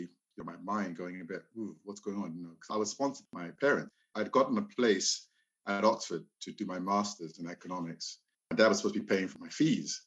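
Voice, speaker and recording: A man in his fifties from Liberia, telling stories from his life as an interview guest, often acting out quoted dialogue. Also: lowish voice. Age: 50s. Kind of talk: casual storytelling interview.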